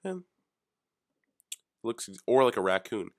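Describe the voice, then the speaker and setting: Low-voiced young man rambling deadpan. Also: unhurried, no room sound, studio quality. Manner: offhand, deadpan, jokey musings. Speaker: podcast host. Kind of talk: rambling solo chat.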